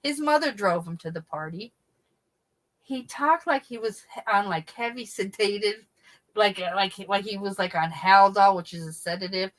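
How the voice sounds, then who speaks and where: A woman's voice: mid-range voice, moderate pace, rough recording. A middle-aged woman hosting a casual livestream, telling a funny story to her chat, swearing and laughing as she goes. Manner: animated, swearing, laughing mid-sentence. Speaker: livestream host reading chat.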